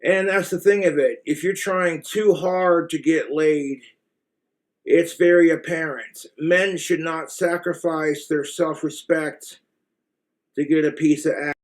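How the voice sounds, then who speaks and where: A man's voice: a little high, steady tone, slow. A man with an American accent giving blunt, crude, rambling relationship advice in a casual monologue to the camera.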